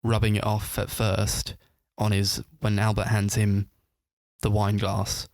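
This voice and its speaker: A man's voice: fairly low pitch, completely flat delivery, a little slow, creaky, a little mellow, no room sound, clean studio sound. A man co-hosting a casual film review podcast, retelling scenes in a rambling way full of fillers and laughing as he goes. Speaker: podcast co-host.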